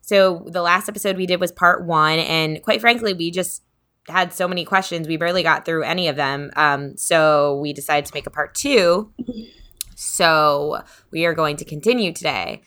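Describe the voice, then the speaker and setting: A woman's voice: deep voice, normal speed, sharp tone. A woman hosting a casual podcast, chatty and giggly, with lots of filler words. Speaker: podcast host.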